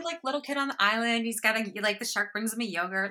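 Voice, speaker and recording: A woman with a bright, clear voice chats loosely and expressively, her speech full of "like" and "you know". She laughs easily and swings up high when she imitates a reaction. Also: fast, hardly any pauses. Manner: expressive, laughs often, many filler words. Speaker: podcast co-host. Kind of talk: casual chat.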